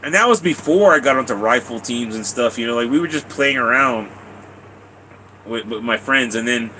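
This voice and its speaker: A man's voice: mid-range voice, bright, forceful tone, a little hiss or hum, rough recording. A man live streaming, telling long rambling stories to his chat, repeating himself, laughing and swearing casually.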